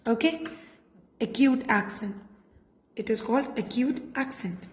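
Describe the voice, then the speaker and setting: A woman teacher with an Indian English accent, giving a patient classroom lesson and repeating points slowly. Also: a little high. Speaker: French teacher. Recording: echoey room with long reverb.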